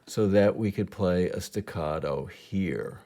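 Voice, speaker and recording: A man's voice: deep voice, slow pace, warm tone. A man teaching a piano lesson step by step, patiently counting beats aloud as he demonstrates, with piano notes behind him.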